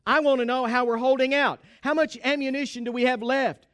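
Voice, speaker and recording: Male preacher voicing a resolute Union colonel: grim, firm, high and resonant. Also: expressive, unhurried, fairly bright tone, dry recording, clean studio sound, heavily acted. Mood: sharp.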